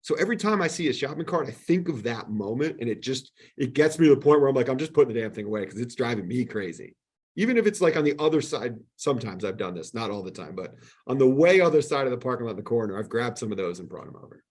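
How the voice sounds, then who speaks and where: Husky man telling animated stories. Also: medium pitch, fast talker. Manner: animated storyteller, acts out quoted exchanges. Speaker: podcast guest. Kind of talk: casual storytelling chat.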